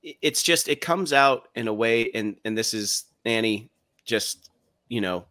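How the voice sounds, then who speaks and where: A man's voice: mid-range voice, expressive, measured pace, bright, forceful tone, no echo, clean studio sound. A man co-hosting a podcast, thoughtfully recapping scenes at length in casual chat. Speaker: podcast co-host.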